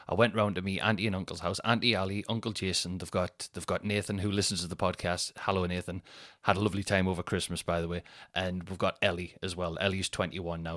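A man, talking in a fairly low voice as he rambles through a chatty solo podcast story. He keeps going off on tangents and laughing at his own anecdotes. The sound is dry and close. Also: fairly bright tone, dry recording. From Northeast England. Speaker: podcast host.

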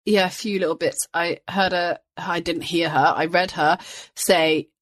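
A woman's voice: on the low side, steady tone, measured pace. A woman co-hosting a casual cookbook podcast from a room at home, dropping dry, wry quips. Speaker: podcast co-host. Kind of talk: casual chat about a cookbook. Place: room at home, helicopter outside.

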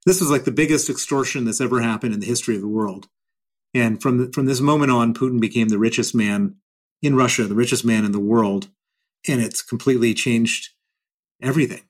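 A man's voice: medium pitch, a little fast. A middle-aged man answering interview questions in a blunt, emphatic way, repeating phrases for stress. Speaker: guest.

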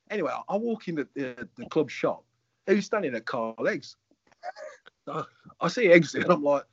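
A man, a former footballer and coach, telling lively anecdotes. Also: a little high, fairly quick, slightly rough, dry recording, muffled recording. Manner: animated, acts out quoted voices. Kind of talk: anecdotal storytelling.

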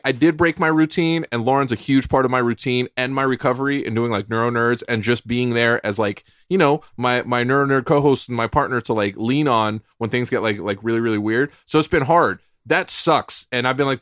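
A man co-hosting a podcast in casual chat, full of jokes and restarts. His voice sits in an ordinary middle pitch. The recording is dry and close. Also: fairly bright tone, no echo. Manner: joking, rambling with restarts and fillers. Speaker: podcast co-host.

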